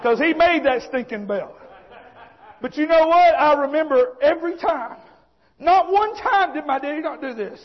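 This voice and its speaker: A man preaching a fervent, folksy sermon that often rises into shouting. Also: very high voice, expressive, moderate pace. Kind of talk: fiery sermon. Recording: dull lo-fi sound.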